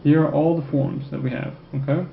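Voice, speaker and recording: A man teaching a French grammar lesson, who keeps checking in with "okay?" and repeats French phrases slowly. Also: a little high, steady tone, vocal fry. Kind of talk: recorded classroom lecture. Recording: echoey room, dull lo-fi sound, faint noise.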